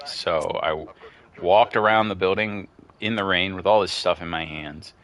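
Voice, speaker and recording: A man chatting casually over gameplay, telling a long story in a rambling, excitable way and getting worked up as he goes. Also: low voice, moderate pace. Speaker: gaming streamer.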